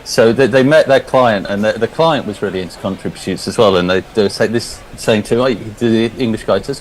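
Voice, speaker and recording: A man's voice: on the low side, brisk, hardly any pauses, slight background noise, low-quality recording. A man co-commentating on cricket, telling long stories between balls and often restarting his sentences. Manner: rambling storyteller, restarts often. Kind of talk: anecdotal commentary chat.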